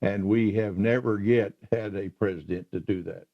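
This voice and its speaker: Halting older man telling stories. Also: lowish voice, fairly even intonation. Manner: slow, halting storyteller with many "uh" pauses. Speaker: interviewee recalling his career. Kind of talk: oral history interview. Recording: muffled lo-fi recording.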